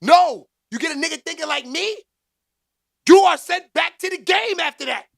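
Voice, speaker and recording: A man hosting a casual live stream, talking with the chat in slangy street talk and bursting into loud exclaims. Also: extremely high pitch, animated, moderate pace, creaky. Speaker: livestream commentary host.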